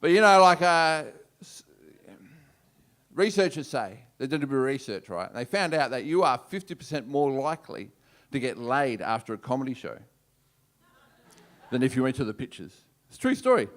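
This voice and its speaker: A man's voice: medium pitch, very animated, moderate pace, fairly bright tone. A man with an Australian accent doing a brash, swearing stand-up routine on a comedy club stage. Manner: brash, swearing, punchy delivery.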